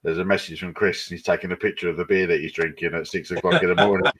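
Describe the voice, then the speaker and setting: Low-voiced laid-back man. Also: level tone, quick pace, a bit bright, breathy edge. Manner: laid-back, laughs easily. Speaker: co-host. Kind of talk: casual livestream chat.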